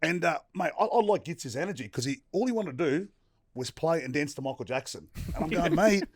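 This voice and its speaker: A man's voice: on the high side, animated, a little fast, slightly rough, no room sound, clean studio sound. A man with an Australian accent, a former rugby player, chatting casually and telling stories, laughing often and saying "mate" a lot. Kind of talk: casual storytelling chat.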